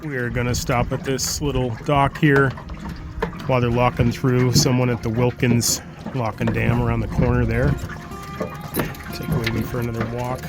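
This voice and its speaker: A man's voice: mid-range voice, flat delivery, normal speed, loud music behind the voice. A man narrating a casual travel vlog from a small boat, talking in a rambling, easygoing way with frequent restarts. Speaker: vlogger and boat captain. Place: outdoors on a small boat on a waterway. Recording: boat engine and water noise.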